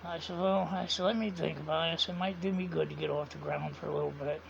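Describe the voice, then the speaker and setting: A man's voice: fairly high pitch, steady tone, quick pace, slight background noise. A man telling a personal story in a casual, rambling way, retelling each conversation with "I said" and "he said". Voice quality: gravelly. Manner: rambling, repeats quoted dialogue with "I said" and "he said". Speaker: vlogger. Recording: dull lo-fi sound.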